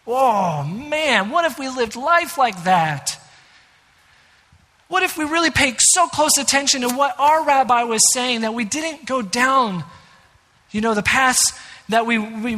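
A man's voice: very high voice, measured pace, sharp tone. A man preaching a sermon as pastor, earnest and emphatic, with conversational asides. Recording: reverberant hall.

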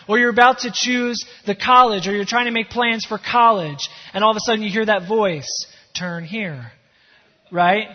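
A man preaching a sermon as pastor, conversational and joking with his congregation. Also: high voice. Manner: conversational, self-deprecating humor. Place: church sanctuary. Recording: reverberant hall, dull lo-fi sound.

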